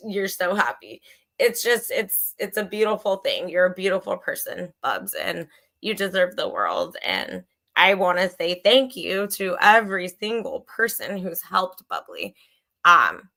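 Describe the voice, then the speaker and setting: A woman's voice: medium pitch, pushed and bright. A woman in her forties hosting a casual livestream chat, speaking candidly and emotionally, swearing freely and rambling as she talks to her viewers. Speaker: channel host.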